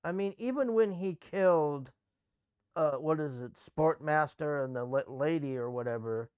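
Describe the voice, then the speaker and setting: A man's voice: fairly high pitch, measured pace, darkish tone, clean tone, no echo, studio quality. A man casually recapping and reviewing a TV episode, blunt and sarcastic, swearing freely.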